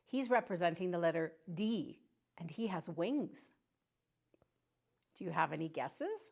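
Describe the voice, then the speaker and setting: A woman's voice: lowish voice, expressive, a little slow, gravelly, a little mellow. A woman teacher hosting a children's educational show, talking cheerfully to young viewers. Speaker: teacher and host.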